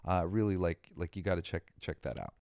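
A man's voice: sits low, animated, fairly quick, darkish tone, no room sound. A tired, emotional man hosting a casual solo talk, rambling and close to tears. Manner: emotional, rambling, sings snatches of songs. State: tired and teary. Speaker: host. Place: California.

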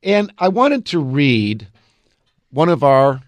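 Animated radio host lawyer. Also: male voice, a little high, no room sound. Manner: animated and folksy, keeps addressing listeners as folks; reads legal statutes aloud slowly. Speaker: estate and elder law attorney, radio host. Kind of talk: radio talk show chat. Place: radio studio.

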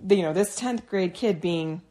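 A woman in her thirties co-hosting a podcast, telling school stories in a casual, animated way and laughing often. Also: on the low side, a little slow. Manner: animated, laughing, acts out quotes. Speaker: podcast co-host. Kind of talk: casual storytelling chat.

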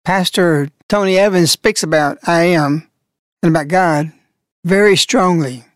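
A woman narrating a devotional reflection in a measured, thoughtful reading. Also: lowish voice, dry recording, studio quality.

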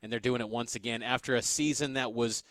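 A man's voice: medium pitch, fairly even intonation, fast talker, fairly bright tone, dry recording. A man co-hosting a casual sports talk show, enthusiastic and storytelling, on a close studio mic. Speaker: sports radio co-host.

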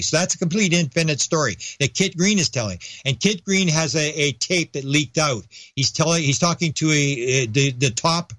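A man's voice: a little high, fairly quick, few pauses, fairly bright tone, no room sound. A man talking as a podcast guest in casual interview chat. He rambles, restarts his sentences, and slips into raised voices when he acts out quoted dialogue.

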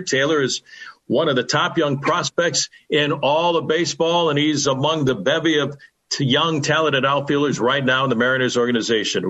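A man's voice: on the high side, a bit bright. An older male sports broadcaster tells a baseball memory on the radio. He speaks in a folksy, reverent way. The audio is a bit muffled, like a radio broadcast. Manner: folksy anecdotal storytelling, reverent. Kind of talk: storytelling on a sports radio show.

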